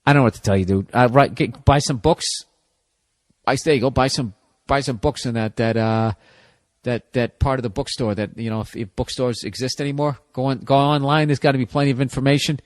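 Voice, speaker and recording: A man's voice: mid-range voice, brisk. A man in his forties from the United States, hosting a solo comedy podcast and ranting in a rambling, profane way. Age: 40s. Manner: talks back to himself and his dog. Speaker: podcast host.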